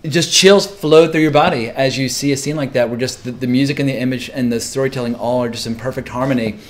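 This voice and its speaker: A man's voice: medium pitch, fast talker. A man hosting a casual film discussion, talking enthusiastically and peppering his speech with "like". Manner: enthusiastic, filler-heavy. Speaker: host.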